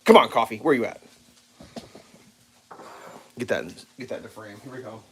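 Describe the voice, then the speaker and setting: A man's voice: mid-range voice, lively intonation, normal speed, slight background noise. A man chatting casually to viewers while cooking breakfast in his home kitchen, rambling and talking to his dog. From central United States. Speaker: livestream cooking host. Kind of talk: casual live-stream chat while cooking.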